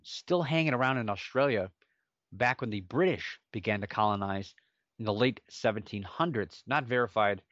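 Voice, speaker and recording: Male podcast host, lowish voice, chatty and self-deprecating, dry dull home recording. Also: moderate pace, fairly bright tone, no echo. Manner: rambling, self-mocking asides. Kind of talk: casual solo podcast chat.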